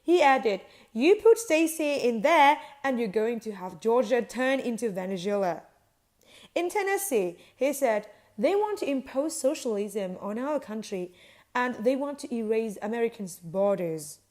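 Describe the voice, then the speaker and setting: A woman reading a news article aloud in an even, uninflected way, quotes read in the same voice. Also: fairly high pitch, measured pace. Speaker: news reader.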